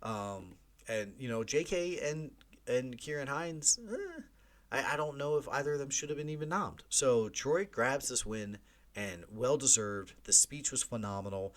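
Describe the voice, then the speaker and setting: A man's voice: medium pitch, animated, unhurried. A man hosting a movie podcast, talking casually and animatedly, with chatty jokey asides and big swings for emphasis. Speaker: podcast host.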